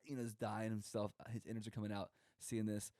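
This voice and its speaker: Joking young man with a mellow voice. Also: lowish voice, little pitch movement, brisk, dry recording, studio quality. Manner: rambling, joking, acts out quoted voices. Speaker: podcast co-host. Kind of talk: casual comedic monologue.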